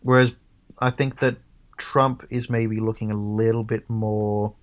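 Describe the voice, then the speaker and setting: Man, slightly low voice, casual commentary, halting, thinking aloud. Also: little pitch movement, lo-fi sound. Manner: halting, many ums and restarts, thinking aloud. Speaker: co-host reacting to a debate.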